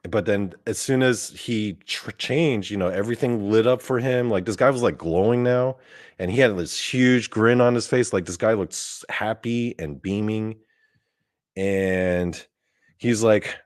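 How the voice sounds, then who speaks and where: A man tells a story from his own life in a loose, meandering way, swearing freely and circling back through fillers and false starts. His voice sits fairly low, and the recording is close and dry with no room sound at all. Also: measured pace, darkish tone, dry recording. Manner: rambling, profane, full of fillers and restarts. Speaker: podcast host. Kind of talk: casual first-person storytelling.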